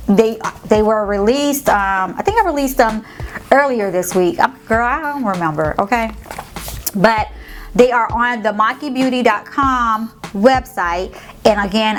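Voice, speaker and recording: A woman's voice: a little high, a little slow. A woman vlogger, giving a sassy, slangy motivational pep talk to her viewers. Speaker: motivational vlogger and podcast host. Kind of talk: casual motivational talk to camera.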